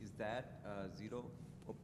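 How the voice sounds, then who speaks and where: A man's voice: on the low side, fairly even intonation, moderate pace, a little mellow, a little hiss or hum. A man in a conference audience asks a question, hesitating and restarting as he thinks aloud. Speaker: audience member asking a question. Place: conference hall. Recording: long hall reverb.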